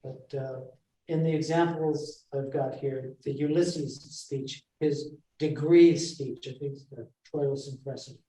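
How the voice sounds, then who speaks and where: A man giving an informal class on verse, speaking haltingly with many fillers and restarts and reading lines aloud. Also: mid-range voice, steady tone, warm tone, recorded from a distance. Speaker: presenter of a Shakespeare class. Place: library meeting room. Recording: echoey room, voice picked up from afar.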